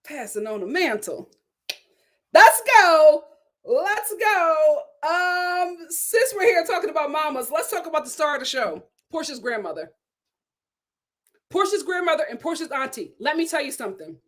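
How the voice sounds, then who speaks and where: Sassy lady dishing on a reality show, high voice that jumps all over. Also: moderate pace. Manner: sassy, animated, laughs at her own jokes. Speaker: reality TV reviewer. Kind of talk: casual commentary.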